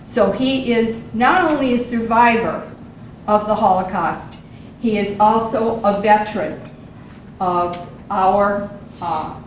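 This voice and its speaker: A woman's voice: mid-range voice, takes it slowly, a little hiss or hum. Woman introducing a speaker in an echoey hall. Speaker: event presenter introducing the speaker. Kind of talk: formal introduction. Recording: very echoey hall, far from the mic.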